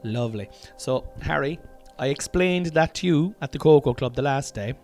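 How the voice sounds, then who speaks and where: An Irish man of ordinary mid-range pitch rambles through a casual comedy podcast from a room at home, cursing now and then and calling his listeners lads. Faint music plays softly behind him. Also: lively intonation, moderate pace. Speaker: podcast host.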